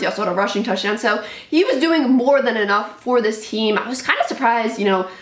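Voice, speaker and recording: Chatty woman hosting sports rankings. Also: a little high. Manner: chatty, opinionated, many fillers. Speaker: sports show host. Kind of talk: casual sports commentary. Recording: roomy echo.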